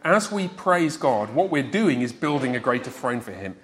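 A man's voice: mid-range voice, very animated, normal speed, fairly bright tone, a little hiss or hum. A man preaching a teaching sermon to a congregation, emphatic and quizzing his listeners as he explains scripture.

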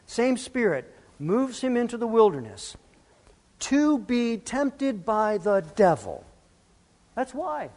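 A man's voice: very high voice, big pitch swings, slow pace, a little mellow, long reverb tail. A man preaching a sermon as pastor, emphatic and full of rhetorical questions.

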